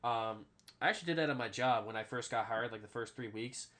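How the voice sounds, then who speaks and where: A man's voice: mid-range voice, a little fast, a bit bright. A man hosting a casual sports podcast, rambling through stories, often adding "all right?" and swearing freely. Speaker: podcast host.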